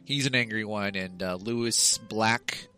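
A man co-hosting a casual comedy chat, ranting and swearing through his stories with quick asides. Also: on the low side, pushed and bright, faint music behind. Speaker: podcast co-host.

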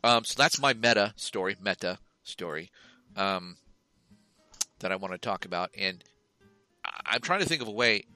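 Bright-voiced man, laughing podcast co-host. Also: fairly low pitch, normal speed, long pauses, dry recording, soft background music. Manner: laughs often, teasing and animated. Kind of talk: casual chat.

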